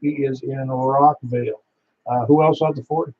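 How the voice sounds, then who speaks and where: A net control operator from Niagara Falls, New York, runs an amateur radio net, chatting and telling stories with an easy laugh. His mid-range voice holds fairly even intonation at a moderate pace. The radio audio is muffled and lo-fi.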